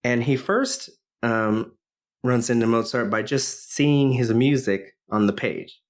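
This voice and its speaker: Speaking at a slow pace in a mid-range voice, a man co-hosts a podcast. He goes over a film's plot casually, rambling along with many fillers and restarts.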